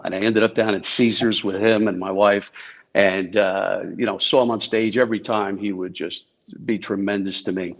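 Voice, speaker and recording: A man's voice: lowish voice, steady tone, normal speed, highs cut off. A man from New Jersey telling casual, chatty stories as a guest speaker on a video call. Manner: chatty anecdotes with many fillers. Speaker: guest speaker, former Secret Service agent. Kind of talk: casual storytelling talk.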